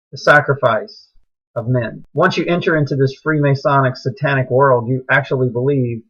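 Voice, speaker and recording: A man's voice: mid-range voice, slightly rough, dull audio. A middle-aged man delivering an impassioned, preachy monologue that rises into agitated outbursts. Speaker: speaker sharing religious views.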